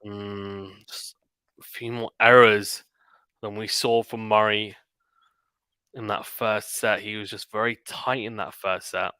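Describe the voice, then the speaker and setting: A man giving live play-by-play tennis commentary on a stream, calling the shots quickly and dropping into quiet chatty asides between points. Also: lowish voice, flat delivery, smooth, no room sound. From Britain. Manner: rapid calls of the rally mixed with quiet chatty asides.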